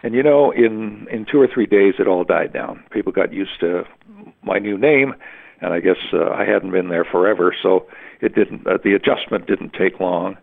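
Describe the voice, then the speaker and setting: An older man from Western Canada, a veteran radio announcer, telling his story in an oral history interview with halting, rambling restarts. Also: sits low, gravelly. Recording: phone-like narrow sound.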